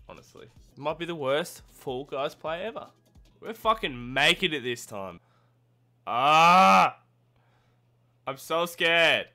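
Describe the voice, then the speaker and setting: Excitable gamer yelping through gameplay. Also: medium pitch. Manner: excitable, yelps and shouts at the game; swears and mocks own skill. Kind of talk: let's-play gameplay commentary.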